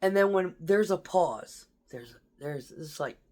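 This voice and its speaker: A woman's voice: lowish voice, lively intonation, slow, darkish tone. Blunt, profane woman veteran telling war stories. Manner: profane, blunt, laughs through tense memories. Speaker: military veteran. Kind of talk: casual storytelling.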